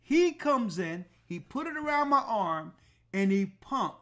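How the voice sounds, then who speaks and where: A man's voice: high-pitched, unhurried. A man telling a personal story in a casual, emphatic way, acting out the people in it. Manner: animated, emphatic, acts out dialogue. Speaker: church elder and show host.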